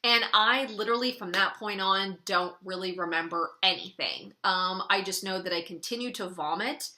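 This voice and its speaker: A woman's voice: mid-range voice, moderate pace, pushed and bright. A young adult woman vlogger telling a personal story in a casual, chatty way, filling her sentences with "like". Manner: chatty, frequent "like", wry laughs between lines. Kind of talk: casual story-time monologue.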